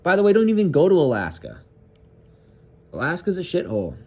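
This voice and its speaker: A man with a somewhat high voice reads a news story aloud in a loose, halting way and keeps stopping for crude, sarcastic, profane asides. His reading is casual and unpolished. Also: wildly swooping pitch, a little mellow. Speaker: political commentary host.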